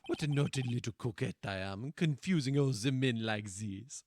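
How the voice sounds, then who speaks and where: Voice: mid-range voice, sing-song, measured pace, long pauses, darkish tone, slight background noise. A game streamer reading dialogue aloud and joking around, playful, swearing often, trying out silly voices. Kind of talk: casual gameplay commentary reading dialogue aloud.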